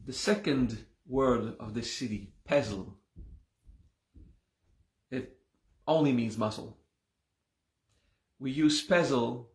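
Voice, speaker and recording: A man teaching a live class, slowly and patiently explaining word meanings, checking in often with his students. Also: mid-range voice, a bit bright, reverberant. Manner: slow, explains patiently with repeated "okay?".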